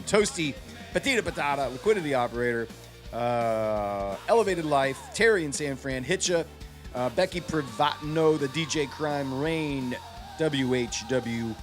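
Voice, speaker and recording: A man hosting a live trading stream, venting about a late payout and greeting viewers from chat one by one. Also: a little high. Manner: frustrated ranting, then rattling off chat names.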